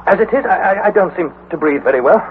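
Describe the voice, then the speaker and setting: An anxious, excitable young nephew. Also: male voice, sits high, fast. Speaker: Harry, nephew and narrator. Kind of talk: old radio drama acting and narration. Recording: tinny lo-fi old radio recording with faint hiss.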